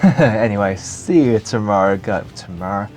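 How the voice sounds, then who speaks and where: A man's voice: lowish voice, lively intonation, normal speed, darkish tone. A man giving casual, jokey commentary while playing a driving game, talking to himself as he plays. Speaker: gaming commentator. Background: background music.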